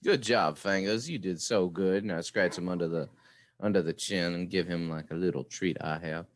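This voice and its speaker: A man chatting casually as a player in a tabletop game, halting and restarting his sentences. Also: low voice.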